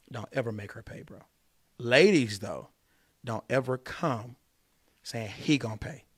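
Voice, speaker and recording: A man's voice: fairly low pitch, no echo. A man hosting a podcast, giving dating advice in an emphatic, preachy way and repeating his points for force. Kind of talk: casual podcast talk.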